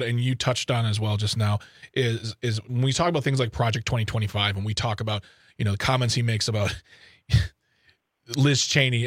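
A man's voice: medium pitch, dry recording. Male radio host, respectful questions, earnest, dry close sound. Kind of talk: radio interview.

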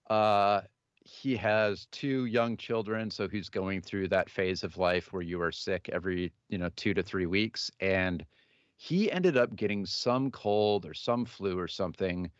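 A man in his thirties, a musician, answering interview questions casually, in a halting way with many fillers and restarts. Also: fairly low pitch, clean tone, no room sound, dull audio. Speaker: musician guest.

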